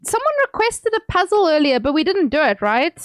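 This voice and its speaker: Brisk and sing-song, a young woman's high voice carries her casual livestream chat as she reads viewer messages aloud and laughs a lot, with faint music behind her.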